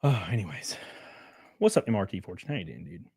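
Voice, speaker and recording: A man's voice: low voice, sing-song, quick pace, warm tone, breathy edge, no room sound, clean studio sound. A man from Alabama, ranting and laughing on his livestream. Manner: profane, mocking, laughing often. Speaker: streamer. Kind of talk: casual livestream rant.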